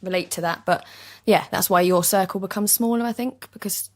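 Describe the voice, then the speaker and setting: A woman's voice: medium pitch, a little mellow. A young woman from East London with an East London accent, a chatty and agreeable actor guest talking in an interview. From East London, England. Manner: chatty, agreeable, quick to laugh. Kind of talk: casual interview chat. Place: basement recording studio.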